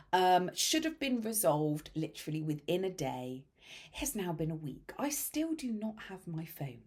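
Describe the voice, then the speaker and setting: A woman hosting a mindset podcast, telling a story in a casual monologue with dramatic hushed asides. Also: mid-range voice. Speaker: podcast host and mindset coach.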